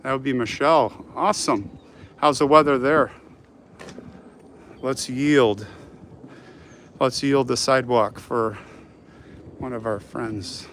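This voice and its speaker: A man's voice: mid-range voice, slow, long pauses, a bit bright. A middle-aged American man hosting a live stream, chatting casually and reading viewer comments aloud while he walks. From United States. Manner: chatty, friendly, rambling, talks straight to viewers. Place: outdoors on a city street while walking. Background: faint street and traffic noise.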